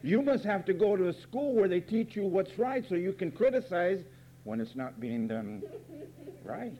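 A man's voice: sits high, very animated, normal speed, lo-fi sound. A man preaching a fiery, sarcastic sermon from the pulpit, emphatic and blunt. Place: church pulpit.

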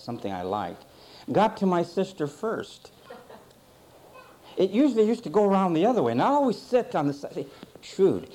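A middle-aged man preaching a sermon, defining words and then telling a folksy story from his childhood. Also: fairly high pitch. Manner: lively, swings between loud and quiet.

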